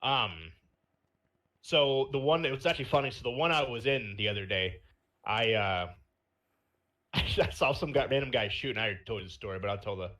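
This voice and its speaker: A man's voice: mid-range voice, brisk, pauses often, sharp tone. A young man hosting a podcast, casually telling a rambling story with lots of fillers. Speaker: podcast host. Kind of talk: casual chat.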